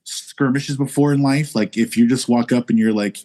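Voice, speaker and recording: A man's voice: mid-range voice, brisk, hardly any pauses, warm tone. A man guesting on a podcast, telling stories in a laid-back casual way. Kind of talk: casual chat.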